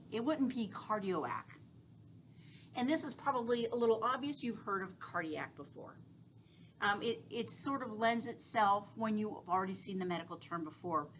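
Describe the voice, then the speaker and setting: A woman's voice: mid-range voice, animated, moderate pace, fairly bright tone, slight background noise, poor audio. A woman instructor giving a recorded lecture, explaining step by step with reassuring asides and frequent fillers.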